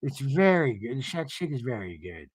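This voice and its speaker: A man doing a comic impression of an unimpressed middle-aged woman in a flat, low murmur. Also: fairly quick, breathy edge, no room sound. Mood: deadpan. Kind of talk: comic impression in podcast recap.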